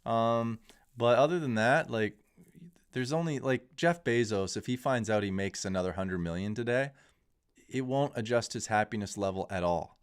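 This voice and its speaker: A man's voice: mid-range voice, normal speed, clear, resonant tone. A man in his thirties hosting a crypto livestream, talking casually and candidly in a rambling, opinionated way with frequent restarts. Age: 30s.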